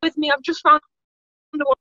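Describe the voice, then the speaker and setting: A woman's voice: high voice, flat delivery, a little fast, sharp tone, dull audio. A young woman co-hosting a podcast, chatting casually in an emotional, giggly, dramatic way. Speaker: podcast co-host. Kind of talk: casual chat.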